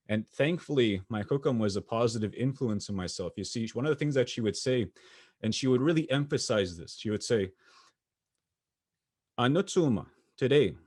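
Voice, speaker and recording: A young adult man from Canada giving a motivational keynote, telling personal stories in an earnest, pausing way with small restarts. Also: medium pitch, a little mellow. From Sweetgrass First Nation, Saskatchewan, Canada. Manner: earnest storytelling with pauses and restarts. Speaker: motivational speaker. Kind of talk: keynote speech.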